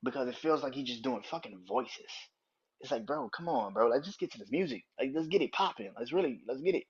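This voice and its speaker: A man's voice: medium pitch, animated, brisk, breathy edge, dull audio. Blunt, profane man ranting on a podcast. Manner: blunt and profane, swings into loud incredulous rants. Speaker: podcast host. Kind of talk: casual opinion podcast.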